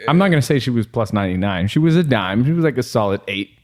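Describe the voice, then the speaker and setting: A young man co-hosting a podcast, telling a story in casual, profane, animated chat and acting out what people said. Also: mid-range voice, fast talker. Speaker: podcast co-host.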